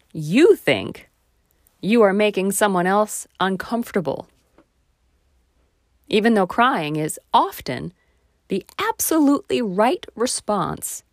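A woman's voice: mid-range voice, no echo, clean studio sound. A woman talking straight to her viewers in a reflective monologue, asking rhetorical questions and poking fun at herself. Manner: self-deprecating, asks the listener rhetorical questions.

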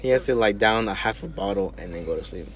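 A man's voice: fairly low pitch, fast talker, slight background noise. A young man co-hosting a casual podcast in a car, teasing his friends, laughing and stammering as he talks. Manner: teasing, laughs a lot, stammers when excited. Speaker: podcast co-host.

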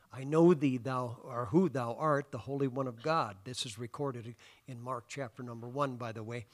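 A man's voice: medium pitch, bright, forceful tone. A man preaching a sermon in a church sanctuary, talking conversationally and asking the congregation questions between many fillers. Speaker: pastor.

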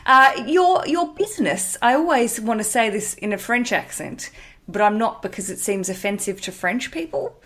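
A woman's voice: fairly high pitch, lively intonation, moderate pace, a bit bright. A woman hosting a podcast, chatting casually, joking at her own expense and swearing lightly. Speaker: podcast host. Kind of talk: casual chat.

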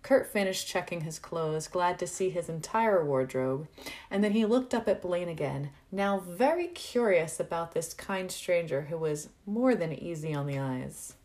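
A woman reading a fan fiction story aloud in a measured, unhurried narration. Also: on the low side, animated, darkish tone. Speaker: story reader.

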